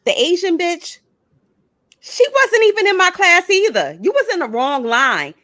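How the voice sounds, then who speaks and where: A woman's voice: very high voice, very animated, measured pace, bright, forceful tone. A woman co-hosting a casual talk show, telling a story in a blunt, brash way. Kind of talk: casual chat.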